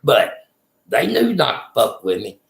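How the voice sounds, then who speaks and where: A man tells his story in a rough, deeply gravelly voice, wandering from point to point and swearing freely. His voice sits in a middling register. The recording carries a noticeable room echo. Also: wildly swooping pitch, measured pace. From Texas. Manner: rambling, profane storytelling. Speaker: storyteller recounting prison time.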